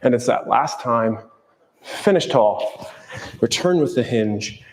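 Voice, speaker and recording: A man fitness instructor explaining kettlebell moves calmly during a follow-along workout. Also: medium pitch, takes it slowly, long reverb tail, a little hiss or hum. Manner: calm, explanatory coaching cues.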